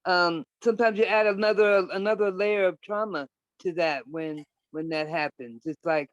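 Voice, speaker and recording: A man's voice: sits high, fairly even intonation, normal speed, fairly bright tone, no room sound. Hesitant man on a dull, dry call. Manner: hesitant, searching for words. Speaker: class participant. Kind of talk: casual comment in class. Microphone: video call.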